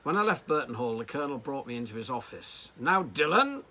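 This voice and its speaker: Bright-voiced man telling stories. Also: mid-range voice, fast talker. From Liverpool. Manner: anecdotal, lively delivery with acted quotes. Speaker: horse riding coach. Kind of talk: personal storytelling.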